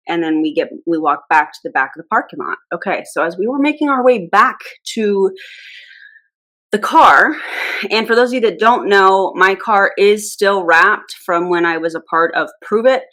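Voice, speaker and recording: A woman's voice: lowish voice, a bit bright. A woman in her thirties telling a rambling storytime in a casual vlog, acting out the dialogue. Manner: chatty and rambling, with quoted dialogue. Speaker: anti-MLM YouTuber.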